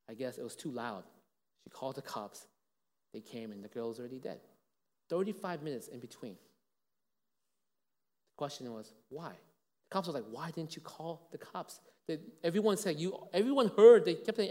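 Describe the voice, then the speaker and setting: A male pastor preaching a sermon. He asks his listeners rhetorical questions and swings between loud emphatic lines and hushed ones. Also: mid-range voice. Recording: long hall reverb.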